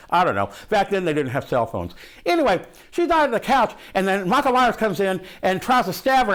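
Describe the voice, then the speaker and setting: A man's voice: high-pitched, fairly bright tone. A man playing a brash, foul-mouthed movie buff in a comic monologue, rambling and loose, full of swearing and "ain't". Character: brash foul-mouthed man gushing about horror films.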